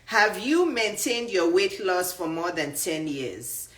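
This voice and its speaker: A woman in her fifties with a Nigerian accent, giving a casual motivational talk to viewers, animated and full of rhetorical questions. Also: lowish voice, slow pace. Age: 50s. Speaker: dating and image coach. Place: live stream.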